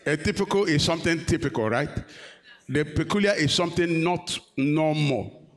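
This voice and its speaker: A man's voice: on the high side, normal speed. A man preaching a sermon, questioning the congregation and rising to emphatic peaks. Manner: call-and-response, questioning the congregation.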